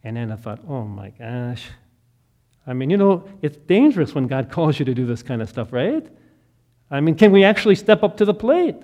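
A middle-aged man preaching a sermon, telling a story that swells to loud, impassioned peaks and sinks back to soft, quiet prayer. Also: medium pitch, big pitch swings, moderate pace, dull audio. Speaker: pastor.

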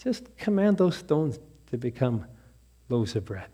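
A man voicing the devil as a flattering tempter in a sermon story. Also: medium pitch, a little slow, breathy edge, pitched below the performer's own voice. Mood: coaxing. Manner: flattering, coaxing. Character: smooth-talking male devil tempter.

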